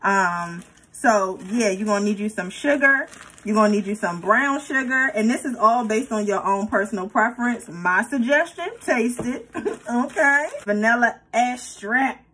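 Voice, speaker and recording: A woman's voice: a little high, a little slow, fairly bright tone, slightly rough, low-quality recording. A woman hosting a casual cooking tutorial, chatty and playful, talking straight to her viewers. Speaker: cooking vlogger.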